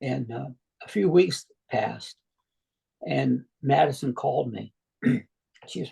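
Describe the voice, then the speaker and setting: A man's voice: medium pitch, expressive, slow, creaky, long pauses, dark tone, husky, rough recording. A middle-aged man, a guest on an interview show, telling a long story in a conversational way and quoting others' words as he goes. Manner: retells dialogue at length, quoting others.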